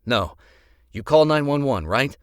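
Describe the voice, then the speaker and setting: A man's voice: lowish voice, very animated, fairly quick, a bit bright, no room sound, studio quality, pitched above the performer's own voice. A man voicing a young bartender giving urgent orders. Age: 20s. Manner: urgent, commanding. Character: young male bartender, decisive under pressure.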